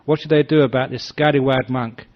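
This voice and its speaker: An older man, a Buddhist monk, giving a dharma talk that is full of storytelling, acting out voices with gentle humor. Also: medium pitch, steady tone, fairly quick. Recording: slightly dull lo-fi recording.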